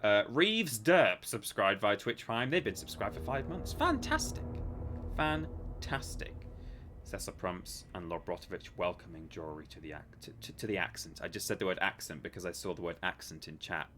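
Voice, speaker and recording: A man's voice: deep voice, brisk, hardly any pauses, noisy background. A man hosting a live stream, chatting casually and jokily while reading viewer messages aloud. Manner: chatty, jokey, reads chat aloud with mock defensiveness. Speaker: livestream host.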